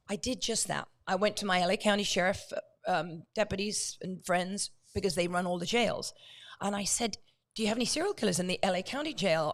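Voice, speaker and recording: A woman guest on a talk show, telling a story in a lively way and acting out the dialogue. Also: mid-range voice. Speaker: guest, true crime author.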